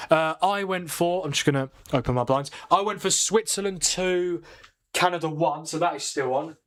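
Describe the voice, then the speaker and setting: A man with a slightly bright, higher-leaning voice hosts a live football watchalong stream at a moderate pace, chatting casually, debating, and responding to viewers' comments.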